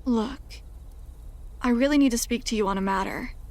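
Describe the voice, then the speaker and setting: A woman voicing a nervous, out-of-breath man who speaks quietly and pleads for help, with a raspy edge. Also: on the high side, moderate pace, lightly acted. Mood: pleading.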